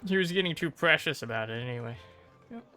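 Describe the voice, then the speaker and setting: A man's voice: a little high, lively intonation, fast, bright, forceful tone. A man streaming a video game, making dry, joking asides. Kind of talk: casual live-stream game commentary. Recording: stream with game music behind.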